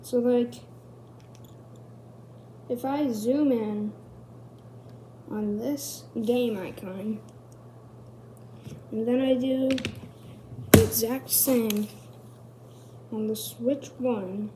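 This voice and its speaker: A woman's voice: on the high side, steady tone, extremely slow, pauses often, warm tone, a little hiss or hum. A woman hosting a casual tech explainer video, rambling and correcting herself as she goes. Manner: rambling, self-correcting, chatty. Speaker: video host.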